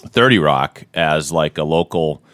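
Deep-voiced man, casual podcast host. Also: a little slow, no echo. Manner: animated storyteller, slips into impressions. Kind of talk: casual chat.

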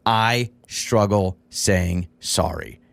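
A man's voice: sits low, extremely slow, gravelly, no echo. A man co-hosting a podcast with his wife, talking casually and self-deprecatingly, often restarting his sentences. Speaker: podcast co-host. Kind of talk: casual couple chat.

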